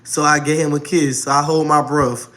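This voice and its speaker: A young man streaming live, telling a story in an animated way and calling out to his audience, with laughs and exclamations. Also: fairly high pitch, normal speed. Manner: excitable, keeps calling out to the audience.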